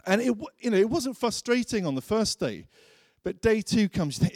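A man's voice: high voice, sing-song, moderate pace, a little mellow, dry recording, studio quality. A man preaching a sermon, telling a personal story in a chatty way and acting out his own thoughts.

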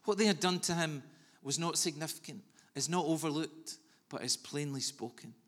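A man preaching a sermon in an earnest, measured way with soft pauses. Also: fairly high pitch. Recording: long reverb of a large hall.

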